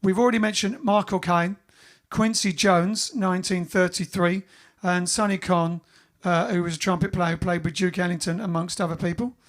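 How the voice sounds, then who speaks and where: A man's voice: sits high, steady tone, normal speed, hardly any pauses. A man from England hosting a live stream, chatting casually and reading out viewer comments with jokes. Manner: chatty, jokey, reads comments aloud.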